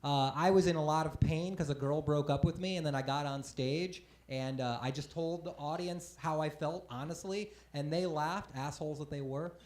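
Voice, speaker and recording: A stand-up comedian in his forties telling a self-deprecating story on a comedy club stage, breaking into sudden loud outbursts. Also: a little high, normal speed, hardly any pauses, slight background noise. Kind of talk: live stand-up set. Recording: roomy live club sound. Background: audience laughter.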